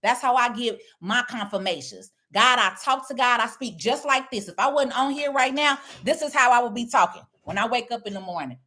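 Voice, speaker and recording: A woman's voice: a little high, lively intonation, fairly quick, few pauses, sharp tone. A woman speaking blunt, preachy casual talk, lecturing her viewers. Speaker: online commentator. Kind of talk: casual direct-to-camera talk.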